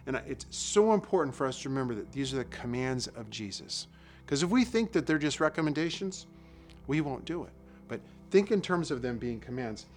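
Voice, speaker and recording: A man's voice: medium pitch, sing-song, a little fast, soft background music. Conversational man preaching a sermon. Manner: conversational, storytelling with asides and repetitions. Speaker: lay preacher.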